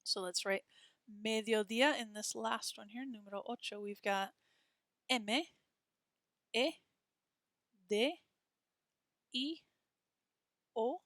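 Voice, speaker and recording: Slow, patient woman teaching Spanish vocabulary. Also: on the high side, fairly bright tone, no echo, clean studio sound. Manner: spells words letter by letter, models pronunciation slowly. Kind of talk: textbook walkthrough lesson.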